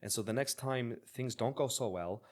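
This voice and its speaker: A man's voice: medium pitch, normal speed, darkish tone. A man hosting a podcast, talking earnestly in a casual interview, often restarting and repeating words. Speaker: podcast host.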